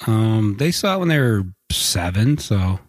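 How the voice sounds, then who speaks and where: A man co-hosting a podcast in casual chat, laid-back and quick with dry quips. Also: lowish voice, big pitch swings, no room sound. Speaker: podcast co-host.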